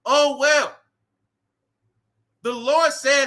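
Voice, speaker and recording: Man, street preacher, very high-pitched, piercingly bright, fervent outdoor sermon, repetitive asides. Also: unhurried, pauses often. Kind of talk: impassioned sermon with scripture reading. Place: outdoors in cold weather.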